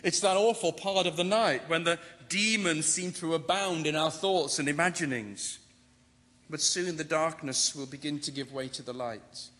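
A man preaching a sermon, building through repeated phrases and slowing down for emphasis. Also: a little high, sharp tone. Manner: rhetorical, building repetition with slowed emphasis. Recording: long reverb of a large hall.

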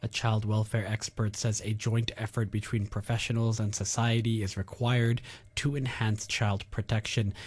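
Low husky-voiced male radio news anchor. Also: darkish tone, dry recording. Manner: measured, formal delivery. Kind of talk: scripted news reading. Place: radio studio. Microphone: studio mic.

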